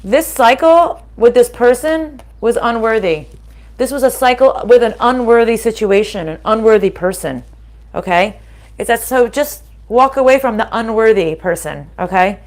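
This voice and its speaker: A woman's voice: on the high side, expressive, normal speed. A woman giving a casual spiritual card reading to her viewers, chatty and reassuring, often checking in with "right?" and "okay?".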